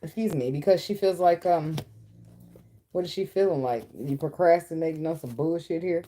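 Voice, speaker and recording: A woman's voice: low-pitched, moderate pace, warm tone, a little hiss or hum. Blunt, chatty woman reading tarot. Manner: blunt, chatty, swears freely, talks to the cards. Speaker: tarot reader. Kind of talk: casual tarot reading monologue.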